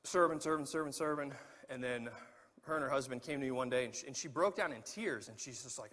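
A man's voice: on the high side, lively intonation, fairly quick, a bit bright, husky. A man preaching a sermon as pastor in a church, talking straight to the congregation with frequent asides. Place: church sanctuary. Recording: echoey hall.

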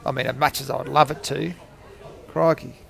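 Aussie guy in his 40s, gravelly voice, rambling solo podcast from a cafe, jokey and self-mocking. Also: medium pitch, fairly even intonation, moderate pace, fairly bright tone. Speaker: podcast host.

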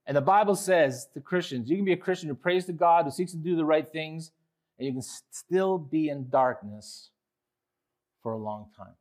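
A male pastor preaching a sermon, swinging from quiet reflection to loud, impassioned pleading. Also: moderate pace. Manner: impassioned preaching, rising loud when voicing the psalmist; drops low and quiet on reflective points.

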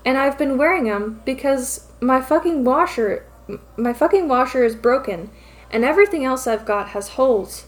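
A gruff young office manager who grumbles and mutters curt answers, as a woman reads him aloud. His lines carry a fairly high pitch and a plain, matter-of-fact delivery. It is a storybook-style fan fiction reading. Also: lively intonation, normal speed, low-quality recording. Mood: annoyed.

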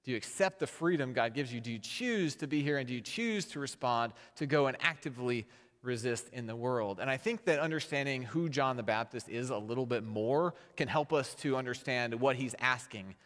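A man preaching a sermon, relaxed and conversational, building to emphatic peaks. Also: mid-range voice, a little fast. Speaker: pastor. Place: church sanctuary. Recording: long hall reverb.

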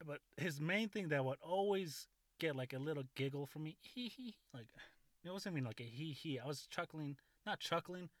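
A man's voice: fairly high pitch, normal speed, no echo. Man, 30s, casual profane storyteller, rambling delivery, dry recording. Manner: rambling, profane, laughing often.

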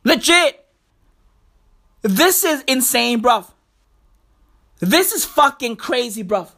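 A man ranting about the news in a profane, excitable comedic vlog, packed with slang. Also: extremely high pitch, slow. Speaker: vlogger.

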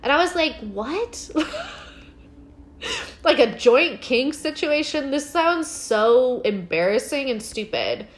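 A woman's voice: high-pitched, animated, slow. A woman casually recapping a TV episode as a podcast co-host, talking animatedly with lots of fillers and acting out the characters' lines.

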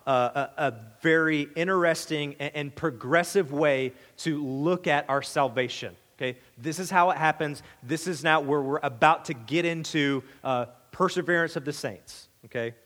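A man's voice: a little high, normal speed, hardly any pauses, fairly bright tone, big-room sound. A man preaching a sermon as pastor, talking in an emphatic, conversational way and often repeating words as he goes.

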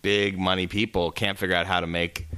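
A man hosting a podcast, reacting quickly, teasing and laughing with his guest. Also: sits low, little pitch movement, sharp tone, clean tone, dry recording. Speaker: podcast host. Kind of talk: casual interview chat.

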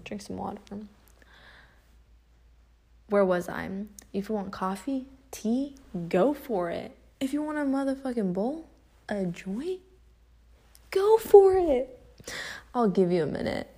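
Young woman rambling thru her week on her podcast, kinda fry-ish voice, cusses a lot. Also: medium pitch, lively intonation, unhurried, dark tone. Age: young adult. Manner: chatty, swears a lot, laughs often. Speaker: podcast host. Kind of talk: casual storytelling podcast.

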